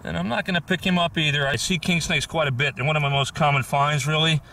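A man's voice: on the high side, steady tone, fast, sharp tone, far from the mic, slight background noise. Easygoing man narrating outdoors. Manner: easygoing, enthusiastic, thinks aloud with fillers. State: a little out of breath. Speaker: vlogger. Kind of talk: outdoor nature vlog narration. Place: outdoors on a hillside.

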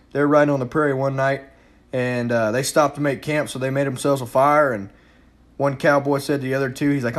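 Man casually telling a joke. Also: medium pitch. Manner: casual, drawling storyteller.

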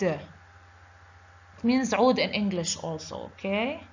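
A woman's voice: on the high side, lively intonation, slow pace, a bit bright. A woman teaching a children's lesson on letters, patiently repeating each word and asking the class questions. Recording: dull lo-fi recording.

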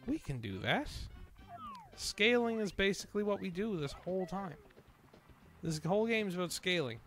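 A man playing a video game and commenting as he goes, swearing and blowing up in frustration, then talking himself back down into calm. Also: high-pitched, moderate pace, soft background music. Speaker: let's play host. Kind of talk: gameplay commentary. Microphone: desk microphone.

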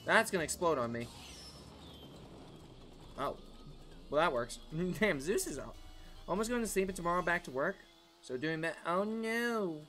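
Excitable chatty male game streamer. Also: high-pitched, normal speed, long pauses. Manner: excitable, chatty, laughs often. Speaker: gaming streamer. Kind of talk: live gameplay commentary chatting with viewers. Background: faint background music.

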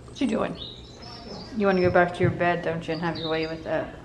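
A woman vlogger in a cat café, cooing at the cats in soft pet talk that often drops to a whisper. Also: on the low side, steady tone, a little fast, a crowd in the background. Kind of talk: casual talk to pets.

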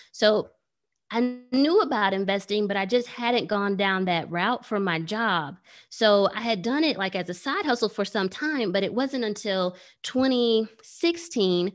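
Animated woman telling a personal story. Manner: animated, jumps high for sarcastic asides; frequent "like" fillers. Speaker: trading educator.

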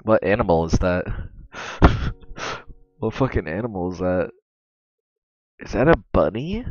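A man reacting to meme videos as a streamer, excitable and cursing often, bursting into laughter. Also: sits low, a little slow, no echo. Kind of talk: casual reaction commentary. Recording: dull lo-fi mic.

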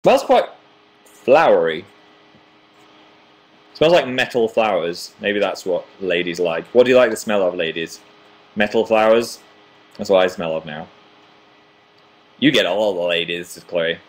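A man's voice: low-pitched, measured pace, long pauses. Chatty young man reading live comments. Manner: chatty, self-deprecating, reads viewer comments aloud. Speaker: livestream host. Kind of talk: casual livestream chat reading comments.

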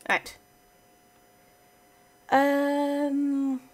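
A woman's voice: sits high, completely flat delivery, extremely slow. A woman giving casual let's-play commentary, chatting playfully to her game units as she plays. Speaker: gaming channel host.

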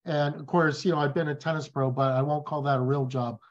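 A man speaking as a guest in a casual interview, telling emphatic, animated stories. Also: fairly high pitch, fairly quick, muffled recording. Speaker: guest, business professor.

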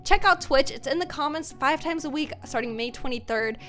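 A bubbly young woman with a high, light voice chats her way through a life-sim game. She talks straight to her viewers in a casual, lively way, and soft music plays quietly behind her. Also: fairly quick. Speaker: gaming YouTuber. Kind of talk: casual let's play commentary.

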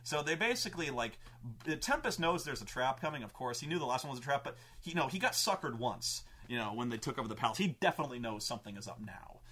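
A man, host and game master, telling a tabletop campaign story in an excitable, profane way with many restarts. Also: medium pitch, fast talker, husky.

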